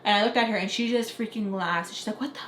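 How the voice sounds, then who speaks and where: Fast-talking young woman vlogger, echoey room. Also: mid-range voice. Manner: animated, chatty, frequent "like" fillers. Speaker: vlogger telling a personal story. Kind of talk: casual storytime narration. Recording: roomy echo with faint background noise.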